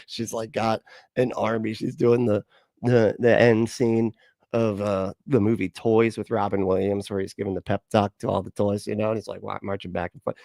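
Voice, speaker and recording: A man's voice: on the low side, little pitch movement, moderate pace, vocal fry, a little mellow, no room sound, studio quality. A man hosting a livestream, reacting to a clip with sarcastic, rambling commentary, frequent laughter and casual swearing. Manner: rambling, with fillers and restarts.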